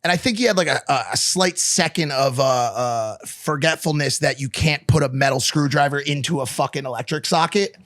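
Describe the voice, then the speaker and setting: Thirties male co-host, brash and profane, slightly high voice, dry studio mic. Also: a little fast, few pauses, dry recording. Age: 30s. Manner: loud, profane, animated storyteller. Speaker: podcast co-host. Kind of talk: casual podcast chat. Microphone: studio podcast mic.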